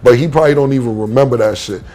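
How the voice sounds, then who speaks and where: A man's voice: very fast, soft background music. A man telling a story in a casual interview, acting out the quotes as he goes. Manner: animated storyteller, acts out quotes with big pitch jumps. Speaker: rapper being interviewed.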